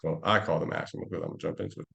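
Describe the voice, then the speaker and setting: A man's voice: sits low, steady tone, rapid-fire, vocal fry, pushed and bright, dull audio. A young man teaching a live trading class with street slang, brash and boastful, swearing freely. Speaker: trading instructor.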